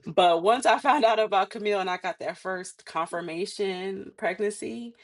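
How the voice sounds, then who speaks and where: Here a woman in her thirties, guesting on a podcast, chats casually through a personal story at normal speed and medium pitch. She's animated, laughing frequently while acting out what others told her.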